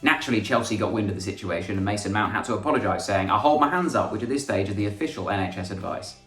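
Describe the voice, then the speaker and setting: A man's voice: on the low side, rapid-fire, a bit bright, far from the mic. Dry, sarcastic man, echoey room. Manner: dry, sarcastic delivery with mock-dramatic outbursts. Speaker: comedian host. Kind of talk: scripted comic monologue. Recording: echoey room with faint music.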